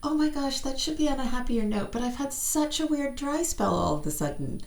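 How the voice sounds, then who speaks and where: A middle-aged American woman chatting casually as an interview guest, self-deprecating and quick to laugh. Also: sits high, lively intonation, darkish tone. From United States. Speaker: guest actor. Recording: echoey room.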